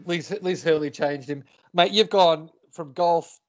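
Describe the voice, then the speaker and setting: Australian man, high voice, sports podcast co-host, teasing banter, muffled recording. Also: measured pace. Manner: joking, mock-indignant banter. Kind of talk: casual sports chat.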